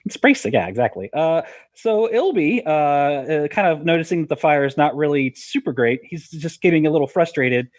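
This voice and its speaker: Lively, animated male player. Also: on the high side, no echo. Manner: lively, laughing, quick to cheer others. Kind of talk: tabletop game play.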